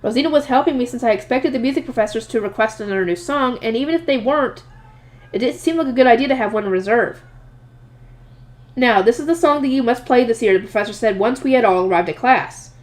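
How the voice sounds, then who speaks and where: A woman reading a light novel aloud in first person, lively and expressive, voicing the narrator's asides. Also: on the high side, fast talker. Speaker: audiobook reader.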